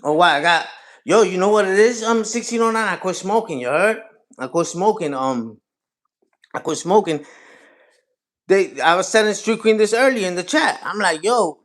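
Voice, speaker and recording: His voice is high, animated, and a touch bright, moving at an ordinary speed. The forty-something livestream host chats casually with his viewers, swearing and drifting between topics.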